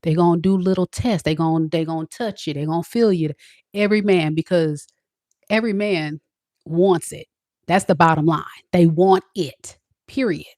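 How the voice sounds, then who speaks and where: Blunt low-voiced woman giving advice. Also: normal speed, a little mellow, no room sound, studio quality. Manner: blunt, preachy, talks straight to the women watching. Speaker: tarot reader. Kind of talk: direct-to-camera advice talk.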